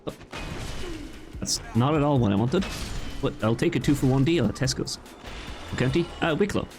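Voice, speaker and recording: A man's voice: medium pitch, animated, a little fast, over music. A young man with a light Irish accent, chatting casually as he streams a game and rambles in reply to his viewers. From Ireland. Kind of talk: casual gaming commentary.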